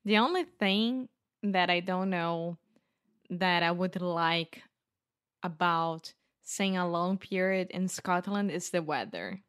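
Slow-speaking Brazilian woman. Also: on the low side, a bit bright, clear, resonant tone. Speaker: podcast co-host. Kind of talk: casual chat.

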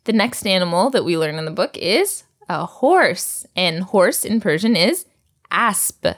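A woman's voice: fairly low pitch, sing-song, unhurried. A woman teaching a recorded language lesson, patiently drilling words and laughing often.

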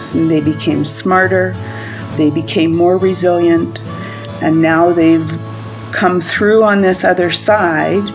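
Slow, thoughtful woman over guitar music. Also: lowish voice. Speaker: interviewee. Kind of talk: documentary interview.

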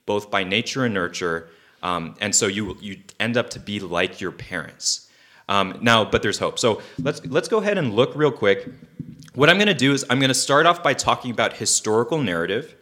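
Chatty young preacher man, bright tone. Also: on the low side. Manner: chatty, with many fillers and asides. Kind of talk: casual sermon.

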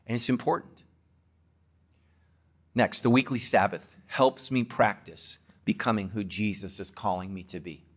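A man, a pastor, preaching an emphatic sermon to his congregation and closing with a quiet prayer. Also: on the low side, fairly even intonation, unhurried.

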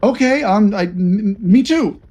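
A man's voice: high voice, normal speed, darkish tone, pitched above the performer's own voice. A man doing a stammering, jittery rookie spy. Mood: nervous eager. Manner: stammering, nervous.

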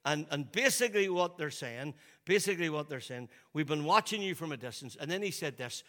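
Speaking at a brisk clip with lively intonation and a fairly bright tone, a pastor gives a casual, conversational sermon. He repeats and restarts himself, lowers his voice for quotations, and a long reverb tail follows.

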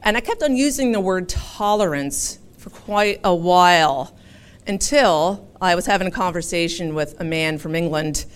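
A woman's voice: fairly low pitch, animated, moderate pace, smooth. A woman from Philadelphia giving a chatty, humorous public speech as a talk show host. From Philadelphia, USA.

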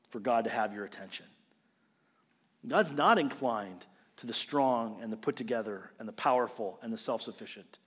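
A male pastor preaching a sermon, animated, swinging between loud emphasis and quiet, earnest passages. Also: medium pitch, big-room sound.

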